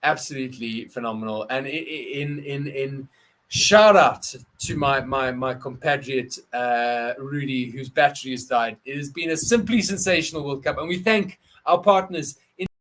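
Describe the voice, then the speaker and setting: A South African man hosting a live-stream rugby wrap-up, excitable and effusive, often repeating words as he talks. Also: mid-range voice, normal speed, few pauses. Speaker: sports channel host.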